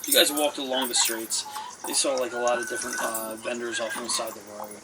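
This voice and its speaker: A man's voice: mid-range voice, level tone, fast. A man running a tabletop game as game master, narrating in a casual, rambling way with lots of fillers. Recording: distant mic with faint noise.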